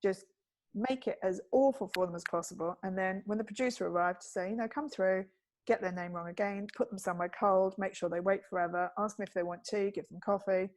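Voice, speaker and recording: Woman producer, storyteller with a sharp wit; plays every character she quotes with big leaps in pitch. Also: fairly even intonation, a little fast. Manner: witty, acts out quoted voices with big pitch jumps. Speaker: guest, TV producer and speaker. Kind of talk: animated storytelling in conversation.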